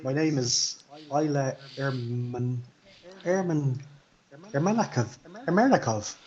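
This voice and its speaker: A man voicing a gruff, haggard male coachman who grunts and speaks slowly and plainly. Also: medium pitch, lively intonation, a little mellow, dull audio.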